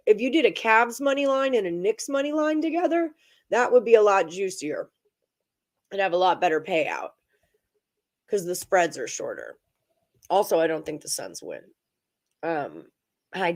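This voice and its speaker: A woman hosting a casual sports betting livestream, rattling off odds and percentages and chatting with viewers. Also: mid-range voice. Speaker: sports betting show host. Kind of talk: casual livestream chat about betting picks.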